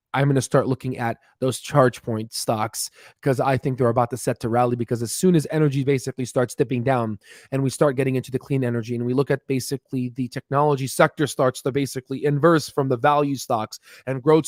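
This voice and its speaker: Brief: man, mid-pitch, dry close sound, rapid chart-walkthrough teacher, lots of "uh"s. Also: steady tone, a little mellow, no room sound. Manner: many fillers and restarts, talks fast on purpose. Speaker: stock market educator. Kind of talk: chart walkthrough, casual explainer.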